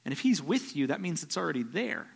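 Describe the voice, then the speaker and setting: A man preaching a sermon as a visiting pastor, telling stories and swinging from quiet, low passages to loud, excited bursts. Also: fast, gravelly, breathy edge, long reverb tail. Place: church.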